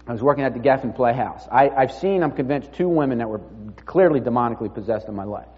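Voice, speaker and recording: A man's voice: mid-range voice, animated, quick pace. Man preaching in a reverberant hall. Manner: conversational storytelling, drops to near-murmur. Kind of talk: sermon. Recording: dull sound with long reverb in a hall.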